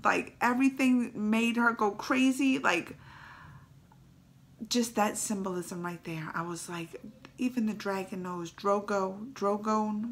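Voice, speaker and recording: Emotional woman with a gravelly voice. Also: on the high side. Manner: excitable, emotional storytelling with dialect phrases. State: emotional, teary. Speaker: YouTube reaction host. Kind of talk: casual reaction recap.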